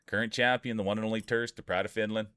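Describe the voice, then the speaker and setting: A man's voice: on the low side, level tone, fast talker, a bit bright, slight background noise. A man commentating marble races live on stream in a hyped announcer patter, chatting with his viewers between calls. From Canada. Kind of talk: playful sports-style race commentary.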